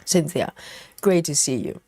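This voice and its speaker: A woman's voice: low-pitched, animated, unhurried, warm tone, no echo. A woman hosting a live stream in casual, chatty talk, reading out and answering viewer comments with frequent laughs.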